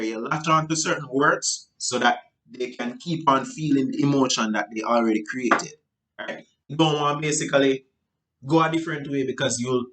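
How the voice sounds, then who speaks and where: A man's voice: medium pitch, a bit bright, rough recording. A man giving a sales training seminar, talking loosely and checking in with "right?" as he goes. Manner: rambling, repeats "right?" and restarts; acts out sales talk in changing tones. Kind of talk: seminar teaching.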